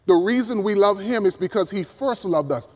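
A male preacher delivering an emphatic sermon from the pulpit, swinging from loud appeals down to hushed words. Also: high voice, expressive, moderate pace. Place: church pulpit. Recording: long reverb of a large hall.

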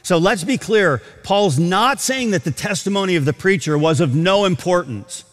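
A man preaching a sermon to a congregation, animated, slowing down to stretch key phrases. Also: high voice, big-room sound. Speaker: pastor. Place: large auditorium.

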